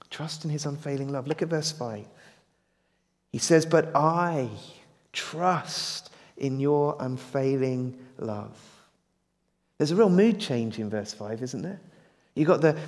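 A man's voice: on the high side, darkish tone. A man preaching an evening sermon, earnest and questioning, growing emphatic as he presses his point. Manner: earnest, building to emphatic, asks the congregation questions. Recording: long hall reverb.

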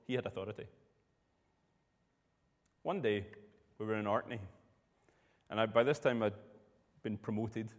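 A man's voice: fairly low pitch, in a large hall. A man preaching a sermon, telling a personal story in a conversational way.

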